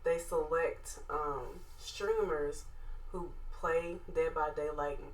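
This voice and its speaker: A woman from Alabama with a Southern accent, co-hosting a casual podcast chat, sassy and animated, laughing often. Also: low-pitched, takes it slowly. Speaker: podcast co-host. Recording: echoey room.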